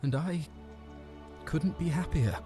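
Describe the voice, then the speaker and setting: A man's voice: fairly high pitch, takes it slowly, mellow. An actor playing a heartfelt, reflective man in a video game who speaks of finding happiness. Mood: tender. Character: grateful man, content and tender. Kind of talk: game voice acting. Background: game music.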